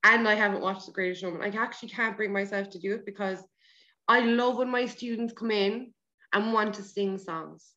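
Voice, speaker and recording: A woman, a teacher, chatting casually in animated, rambling bursts. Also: medium pitch, moderate pace, highs cut off. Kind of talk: casual chat.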